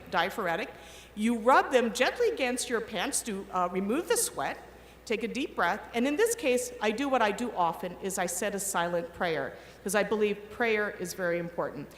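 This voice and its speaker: A middle-aged woman giving a commencement speech, telling an animated story and acting out the quoted voices. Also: on the high side, normal speed. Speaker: commencement speaker. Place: large ceremony hall. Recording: echoey hall with long reverb, faint ambience.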